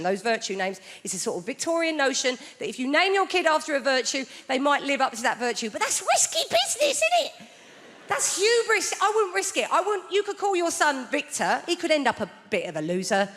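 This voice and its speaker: A woman's voice: a little high, fairly bright tone. A woman in her thirties from England performing a stand-up comedy routine, telling playful stories and slipping into acted-out voices. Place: large theatre stage. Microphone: stage microphone. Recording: live theatre hall with long reverb and audience noise.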